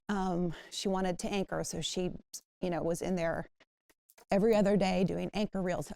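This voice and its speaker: A woman's voice: on the low side, normal speed, gravelly, no echo. Woman telling a newsroom story. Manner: animated storytelling. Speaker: panelist, TV news manager. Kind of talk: panel discussion.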